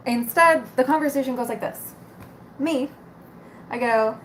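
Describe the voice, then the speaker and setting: A woman's voice: a little high, unhurried, long pauses, a bit bright, a little hiss or hum. A young woman vlogger ranting casually to camera, exasperated, swearing and rambling.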